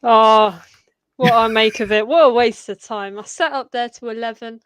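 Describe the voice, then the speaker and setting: A woman's voice: fairly high pitch, moderate pace, clear, resonant tone, dry recording. A woman on the panel, retelling her night dramatically. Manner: lively storytelling, dramatic retelling. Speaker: panel guest.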